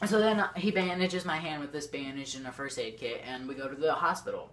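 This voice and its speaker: A teenage girl telling a storytime vlog to her camera. She rambles excitedly and fills her talk with lots of "like". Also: low-pitched, a little fast, few pauses, a little hiss or hum. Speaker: YouTuber. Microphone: camera facing the speaker.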